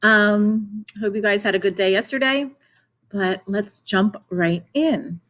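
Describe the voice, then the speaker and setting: Woman teacher, young adult, clear encouraging delivery, online lesson for kids. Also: medium pitch, slow pace, a bit bright. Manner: clear, encouraging classroom delivery with questions to students. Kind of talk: remote video lesson for children.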